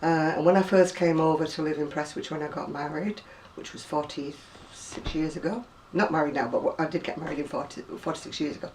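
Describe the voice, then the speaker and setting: A home video blogger, a woman in her sixties from Lancashire, has an Oldham-area accent softened by years near Manchester. In a chatty video reply she reads a word list aloud, rambling with asides and self-corrections, her low voice brisk with hardly any pauses. She sits a little distant from the mic, with slight hiss or hum.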